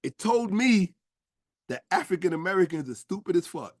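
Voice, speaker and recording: A man's voice: high-pitched, very animated, moderate pace, no room sound, studio quality. A man lecturing in a casual stream, emphatic and profane, firing rhetorical questions at his listeners. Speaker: streamer and history commentator.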